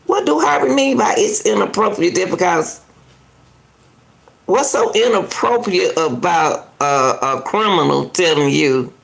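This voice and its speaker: In a low, gravelly voice, a woman argues indignantly against a news clip during live reaction commentary. She repeats herself and keeps up a casual, talkative stream aimed straight at her viewers.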